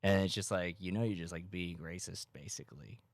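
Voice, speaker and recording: Low-voiced deadpan rambling man. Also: brisk, gravelly, no echo, clean studio sound. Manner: rambling, deadpan and ironic, heavy on "like". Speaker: podcast host. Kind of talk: casual comedy podcast chat.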